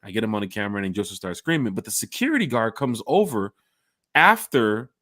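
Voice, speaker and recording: Male podcast host, casual chatter, bouncy animated delivery, dry close-mic sound. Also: lowish voice, quick pace, dry recording. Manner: animated storyteller acting out quotes. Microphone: home podcast mic and camera.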